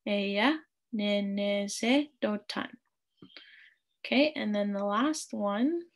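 Teaching a beginners' language class online, a woman with a medium-pitched voice says each phrase slowly and patiently repeats it.

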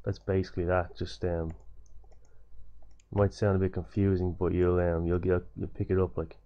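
A man's voice: low-pitched, little pitch movement, moderate pace, dull audio. A young man giving a loose, repetitive coding tutorial over a screen recording, with many fillers and restarts.

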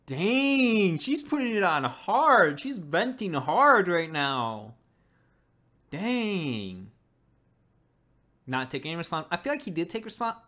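Reviewer mulling things over, mid-pitched, lots of "like"s, laid-back. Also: sing-song, slow pace, bright, forceful tone. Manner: rambling, thinking aloud, frequent "like" and "dang". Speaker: game reviewer. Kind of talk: casual reaction commentary.

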